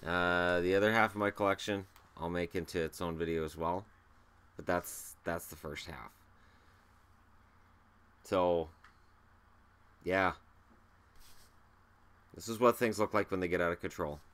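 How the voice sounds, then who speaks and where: A man's voice: low voice, measured pace, long pauses, fairly bright tone, clean tone. A man with a cold, hosting a casual show-and-tell vlog, joking and mocking himself as he counts items aloud. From Canada. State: has a cold. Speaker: hockey video host.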